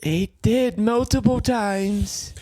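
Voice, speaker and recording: A man's voice: high voice, takes it slowly, mellow. A young man co-hosting a casual podcast, tossing in crude jokes and short laid-back replies. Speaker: podcast co-host. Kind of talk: casual chat.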